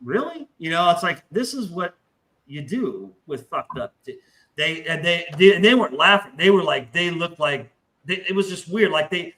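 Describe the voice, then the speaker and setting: A man telling a long anecdote in casual podcast talk, profane and animated, acting out the voices in his story. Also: fairly high pitch, moderate pace, rough recording.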